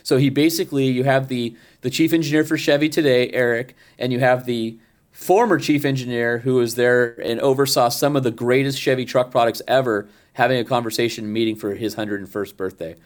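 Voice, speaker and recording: A man's voice: mid-range voice, fairly even intonation, a little fast. A man co-hosting a podcast about trucks, telling stories in casual chat. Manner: chatty storyteller, acts out quoted voices. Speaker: podcast co-host.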